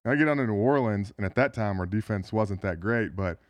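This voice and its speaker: A man in his thirties, a former football player, chatting as a podcast guest in a studio, talking in a halting way full of fillers and restarts. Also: on the low side, no echo. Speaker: NFL tight end guest. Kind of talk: casual podcast interview.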